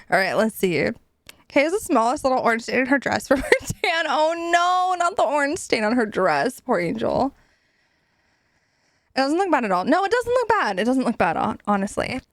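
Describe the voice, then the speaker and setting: A young woman streaming from home, chatting casually with her chat, giggly, swearing often and animated. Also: sits high, normal speed, pauses often, dry recording, clean studio sound. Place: home room.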